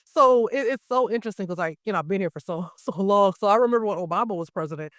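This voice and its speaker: An American woman, a teacher living abroad, chatting casually as an interview guest. She tells animated stories, leans heavily on "like" and acts out what others said. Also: mid-range voice, fast, dry recording, clean studio sound. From United States. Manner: animated storyteller, heavy use of "like", acts out quotes.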